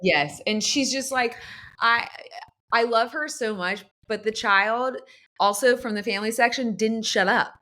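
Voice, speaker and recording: A woman in her thirties hosting a casual talk show, telling a story in an animated way, acting out quotes and laughing often. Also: a little high, measured pace. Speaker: podcast host.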